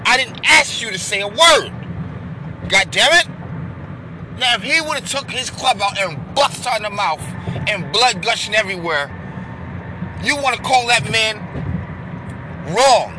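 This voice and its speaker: A man giving loud, profane commentary in a rant that breaks into shouting. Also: sits high, animated, moderate pace, noisy background. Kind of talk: ranting commentary.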